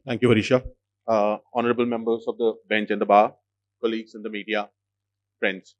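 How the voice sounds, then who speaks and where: A man who is an editor-in-chief gives a formal address at an event, speaking in a measured way with frequent "uh" fillers. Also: on the low side, flat delivery, dry recording. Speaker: editor-in-chief of a legal news outlet. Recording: dry, slightly dull lo-fi sound.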